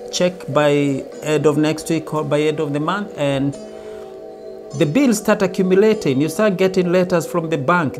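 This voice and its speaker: A man in a storytelling motivational monologue, his voice sitting a little high for a man. He slips into short acted-out lines as he goes. Clear background music plays under his talk. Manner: storytelling, briefly acting out everyday lines. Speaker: self-help speaker.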